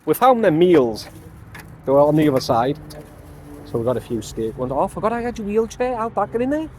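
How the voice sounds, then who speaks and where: English man, vlogger, rambling shopping chatter, slightly high voice. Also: very animated, brisk, darkish tone, slight background noise. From England. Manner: chatty, rambling, many small exclamations. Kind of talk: casual chat while shopping.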